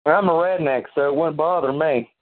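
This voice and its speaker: A man's voice: fairly high pitch, normal speed. A man making crude jokes in a phone chat. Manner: joking, crude. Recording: phone-line audio.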